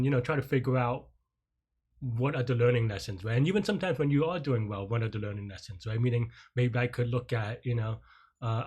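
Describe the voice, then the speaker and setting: A man's voice: mid-range voice, husky. A man streaming a coding session, chatting casually in a rambling way with many fillers, restarts and self-deprecating asides. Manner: self-deprecating with light laughs. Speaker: programming streamer. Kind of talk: casual livestream chat.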